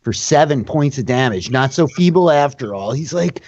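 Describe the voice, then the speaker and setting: A man's voice: medium pitch, expressive, normal speed, lo-fi sound, background noise. A man running a tabletop game as dungeon master, narrating in a loose, profane, laughing way.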